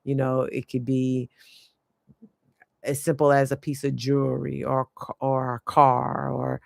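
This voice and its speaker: A woman life coach speaks earnestly and slowly, halting and restarting as she searches for her words. Her voice carries a gravelly edge, and the sound is dry and close. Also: very deep voice, monotone, dry recording. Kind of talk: reflective spiritual monologue.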